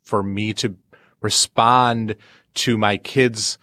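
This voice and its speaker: A man's voice: lowish voice, steady tone, slow, pushed and bright, no room sound, clean studio sound. A man co-hosting a podcast, chatting casually and restarting his phrases hesitantly. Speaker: podcast co-host. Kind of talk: casual chat.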